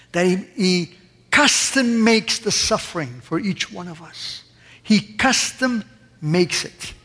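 Impassioned preacher man in an echoing hall. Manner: impassioned, swings from loud emphatic cries to low quiet asides. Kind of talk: sermon. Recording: long reverb of a large hall.

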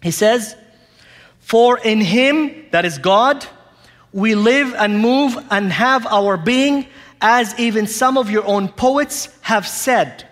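Impassioned high-voiced male preacher. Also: slow pace, fairly bright tone, big-room sound. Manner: impassioned, rising to urgent pleading. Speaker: pastor. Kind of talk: sermon.

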